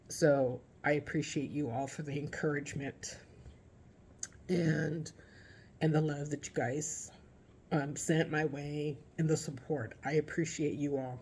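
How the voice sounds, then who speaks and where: A woman's voice: deep voice, slight background noise. Teary, heartfelt woman vlogging at home. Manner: halting and heartfelt, with many restarts. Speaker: vlogger caring for her father. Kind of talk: casual vlog update to viewers.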